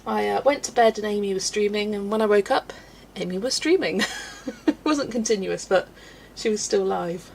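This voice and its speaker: A woman's voice: mid-range voice, normal speed, gravelly, hardly any pauses, darkish tone, slight background noise. A woman hosting a casual livestream, chatty and laughing often as she greets viewers by name, a little out of breath. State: slightly out of breath. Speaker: livestream host.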